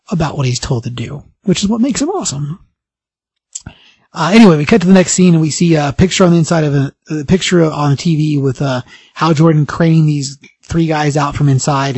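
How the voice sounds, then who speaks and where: Podcast host, male, slightly high, husky; animated casual recap, dry close sound. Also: dry recording. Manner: animated storytelling, acting out dialogue in quick voices. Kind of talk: casual comic book recap.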